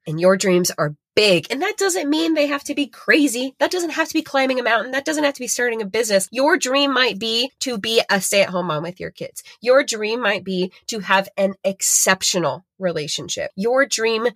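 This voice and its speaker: A woman's voice: on the high side, expressive, moderate pace, hardly any pauses, fairly bright tone, dry recording. A woman hosting a podcast, talking earnestly and emotionally with lots of fillers as she motivates listeners. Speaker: podcast host and retreat facilitator.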